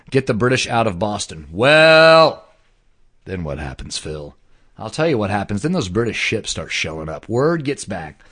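A man telling a story in casual chat, animated and slangy, swearing now and then. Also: on the low side.

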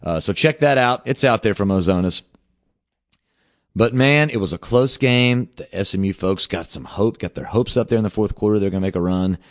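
Rambling man, lively low voice. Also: dull audio. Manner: animated, rambling, peppered with "man" and "dude". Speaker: band frontman telling road stories. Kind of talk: casual storytelling monologue.

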